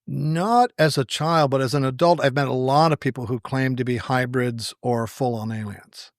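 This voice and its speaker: A man's voice: medium pitch, normal speed, no room sound, clean studio sound. A man, a podcast guest, telling stories with wry humor and acting out quoted dialogue. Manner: animated storyteller who acts out quoted dialogue; wry, self-deprecating humor. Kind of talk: anecdotal storytelling in conversation.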